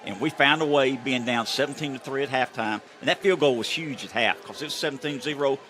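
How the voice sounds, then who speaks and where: A man's voice: medium pitch, a little fast, bright, forceful tone, slight background noise. A man commentating on a football game, emphatically stressing scores and momentum. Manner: emphatic, stat-driven. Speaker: broadcast color commentator. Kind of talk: booth commentary.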